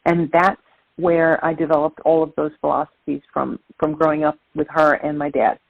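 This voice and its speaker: A middle-aged woman from Brooklyn, a guest telling lively stories in an interview. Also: low-pitched, moderate pace, gravelly, dry recording. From Brooklyn, New York. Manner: lively, animated storyteller. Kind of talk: interview storytelling. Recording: tinny phone-like line.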